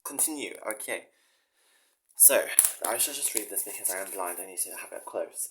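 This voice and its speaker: A man's voice: on the low side, measured pace, pauses often. A man, a professor and musician, rambling casually and reading his own story aloud, self-mocking, swearing freely and laughing at himself.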